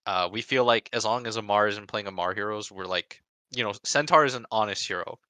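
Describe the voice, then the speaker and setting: Bright-voiced man ranting animatedly. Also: on the low side, a little fast, no echo. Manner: animated storytelling, heavy swearing, rants. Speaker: pro esports player recounting a tournament. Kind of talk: casual podcast chat.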